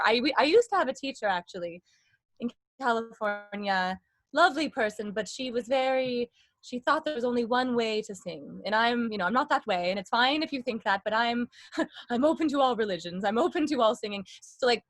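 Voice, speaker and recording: Woman vocal coach, casual and chatty, demonstrates voice placement, fairly high pitch. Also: expressive, fast talker, no room sound. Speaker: singing teacher. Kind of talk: casual voice lesson chat.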